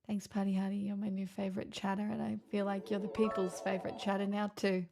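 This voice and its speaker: A woman's voice: mid-range voice, little pitch movement, fast, creaky, warm tone, a little hiss or hum. Teasing woman streamer. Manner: teasing, playful, chatting to viewers. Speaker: livestreamer. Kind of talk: casual live-stream chat.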